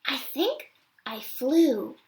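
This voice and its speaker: A woman voicing a small, excited young female gorilla in a high, eager voice for an audiobook. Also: extremely slow, reverberant, exaggerated voice.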